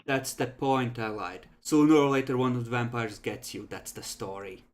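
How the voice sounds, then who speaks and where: A man running a tabletop role-playing game as game master, calmly explaining rules and narrating what happens. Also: mid-range voice, normal speed.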